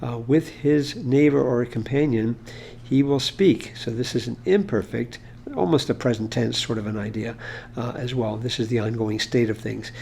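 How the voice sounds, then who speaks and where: A man's voice: mid-range voice, normal speed, gravelly, dark tone, a little hiss or hum. A man explaining Hebrew grammar in an informal lesson, talking it through with fillers and restarts. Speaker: Hebrew teacher.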